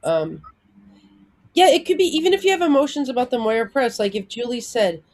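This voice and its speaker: A woman's voice: fairly high pitch, expressive, fairly quick, darkish tone. Chatty woman producer running a meeting. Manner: chatty, full of "like" fillers, acts out quotes. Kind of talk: casual meeting chat.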